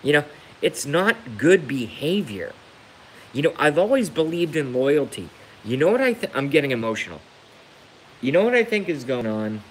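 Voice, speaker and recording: A man's voice: a little high, big pitch swings, normal speed, slight background noise, low-quality recording. A man ranting on a live stream, emotional and emphatic, repeating his points to hammer them home. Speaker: livestreamer.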